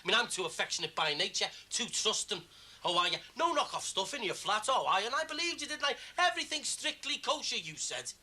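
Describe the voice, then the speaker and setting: A man's voice: high-pitched, big pitch swings, quick pace, pushed and bright, full character voice. An actor playing an aggrieved, self-pitying man from in a TV soap. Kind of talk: TV soap acting.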